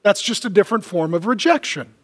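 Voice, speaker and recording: Male pastor, very high voice, joking storyteller, long hall reverb. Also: lively intonation, a little fast. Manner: humorous storytelling, drops to low emphatic lines. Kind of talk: sermon.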